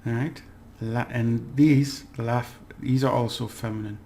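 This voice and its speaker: A man giving a relaxed, chatty language lesson, slowly repeating words for practice and laughing at his own slips. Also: mid-range voice, a little hiss or hum. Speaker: language teacher. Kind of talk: casual spoken language lesson.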